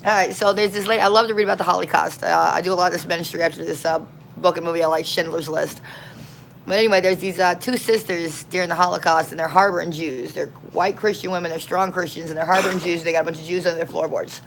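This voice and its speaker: A woman street minister in casual, slangy storytelling, folksy and animated. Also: fairly low pitch, fast talker, vocal fry, slight background noise, rough recording.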